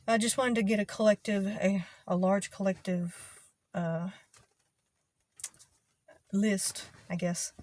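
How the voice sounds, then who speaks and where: A woman's voice: medium pitch, steady tone, a little mellow. Texas gal with a twang just chatting to her channel, lots of ums, laid back. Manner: easygoing and rambling, with many ums and pauses. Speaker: video creator. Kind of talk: casual talk to camera.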